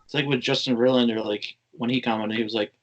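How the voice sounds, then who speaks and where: A man co-hosting a podcast in casual sports chat, talking quickly and flatly as he reads out quotes. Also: mid-range voice. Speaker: podcast co-host. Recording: voice far from the mic.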